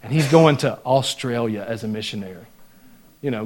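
A man with a Southern US accent preaching a folksy, joking sermon in a church, swinging from loud exhortation to hushed asides. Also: mid-range voice, moderate pace. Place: church sanctuary.

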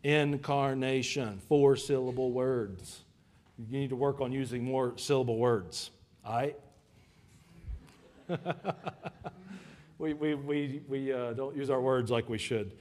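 A man's voice: medium pitch, fairly even intonation, slow pace, pauses often, dark tone. Guy preaching a sermon in church, chatty, cracks jokes, trips over his words and repeats them. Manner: conversational with joking asides. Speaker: pastor. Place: church service before a congregation.

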